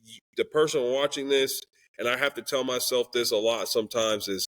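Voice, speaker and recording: A young man talks earnestly and with feeling in a candid interview, pitched at a middle level. He drops into the voices of the people in his story as he tells it, and his delivery stays open and heartfelt. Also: brisk, fairly bright tone. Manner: earnest and emotional, acts out quoted dialogue. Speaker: podcast guest, Christian rapper.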